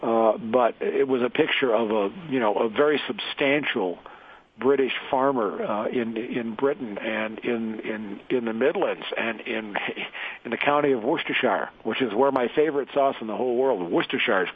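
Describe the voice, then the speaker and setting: A man hosting a talk radio show, rambling and halting with frequent restarts. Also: medium pitch, slightly rough, phone-quality sound. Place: south central Colorado.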